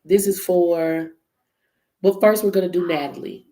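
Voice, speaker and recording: A woman's voice: on the low side, fairly even intonation, unhurried, mellow. A woman hosting a casual live-stream tarot reading, chatty and loose, talking straight to her viewers and swearing freely. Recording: echoey room with faint noise.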